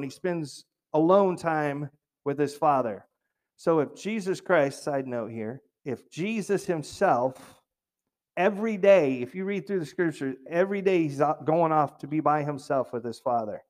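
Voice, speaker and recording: A man preaching a sermon in a conversational way, with jokey asides and questions put to the congregation. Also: on the high side. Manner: jokey asides, restarts phrases.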